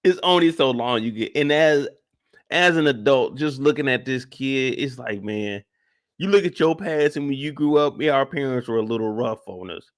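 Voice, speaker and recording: A man's voice: mid-range voice, expressive, normal speed. A man hosting a live after-show, recapping an episode in casual, slangy, emphatic talk. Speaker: show host.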